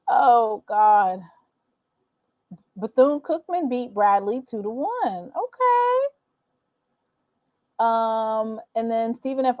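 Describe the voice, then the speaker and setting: A woman's voice: a little high, dry recording. A woman hosting a casual sports recap stream, talking to viewers as y'all and reacting to scores with exasperation. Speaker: sports show host.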